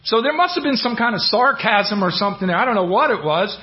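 A man's voice: high voice, animated, fast. A man teaching from the Bible in an informal sermon, retelling a story with many fillers and restarts and acting out the quotes. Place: church. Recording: dull lo-fi church audio.

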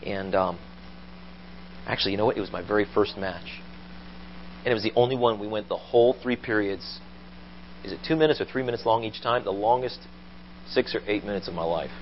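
Male preacher telling sermon stories with animated delivery, dull low-fi church recording. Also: brisk, pauses often, a little hiss or hum. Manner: animated storytelling, rising to loud acted quotes.

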